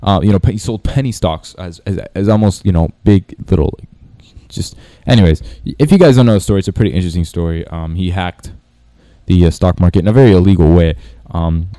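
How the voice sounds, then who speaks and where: A man's voice: low voice, brisk, warm tone, dry recording. A man giving a casual sales tutorial, rambling with many restarts and fillers. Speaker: sales coach. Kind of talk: casual talking-head tutorial.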